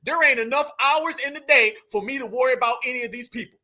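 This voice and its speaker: A man's voice: very high-pitched, fast, bright, forceful tone. A man hosting a heated reaction commentary, blunt and profane, calling his viewers family. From United States. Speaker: commentary show host.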